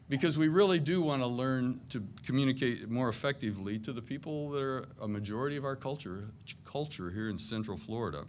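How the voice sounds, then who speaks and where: Speaking to his congregation in a church, a middle-aged pastor with a mid-range voice keeps his sermon conversational and self-deprecating, tossing in jokey asides. A little background noise can be heard.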